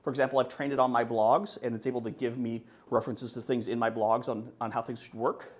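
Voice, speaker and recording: Hombre bromista dando una charla técnica. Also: male voice, medium pitch, fast talker. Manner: joking, animated presenter. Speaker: conference speaker. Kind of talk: conference talk.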